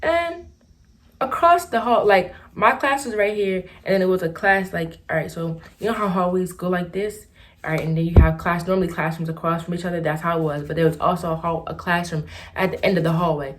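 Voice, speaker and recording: A young woman talks to her camera in a loose storytime, circling back on herself and packing her sentences with "like" and "y'all." Her voice sits a bit low for a woman, but she jumps up and down in pitch whenever she wants to stress a point. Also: a little fast. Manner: chatty and rambling, full of "like" and "y'all". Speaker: vlogger. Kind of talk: casual storytime while doing makeup.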